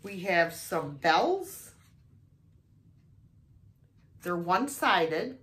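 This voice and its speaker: A woman's voice: on the low side, very animated, slow pace, a bit bright. A middle-aged American woman chatting casually in a vlog, gushing and exclaiming over each thrift find. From United States. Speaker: thrift haul vlogger.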